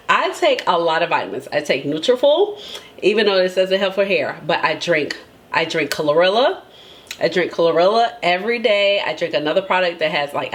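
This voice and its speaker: A woman beauty vlogger talking casually and emphatically to her viewers, laughing often and tagging her points with "okay?". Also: fairly low pitch. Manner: chatty and emphatic, tags lines with "okay?"; laughs often between remarks. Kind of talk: casual chat.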